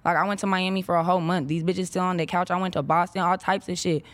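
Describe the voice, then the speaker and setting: A woman in her twenties, a former reality show cast member, venting in a brash, profane, rapid-fire rant during a casual chat. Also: on the low side, little pitch movement. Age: 20s.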